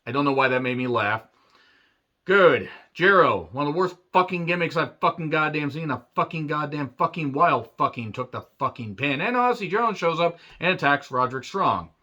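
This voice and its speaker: A man tears into a wrestling show with sarcasm and a stream of swearing. His voice sits a little high and sounds bright and sharp. The sound is muffled and lo-fi. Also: animated, fairly quick. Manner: profane, sarcastic ranting. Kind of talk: ranting review vlog.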